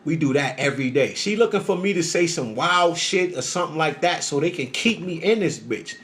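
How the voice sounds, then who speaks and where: Profane, animated man telling a story. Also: moderate pace. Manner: animated, profane street talk with frequent "right?" checks; swings between low calm murmur and loud heated outbursts. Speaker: storyteller recounting his experience. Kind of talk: casual monologue.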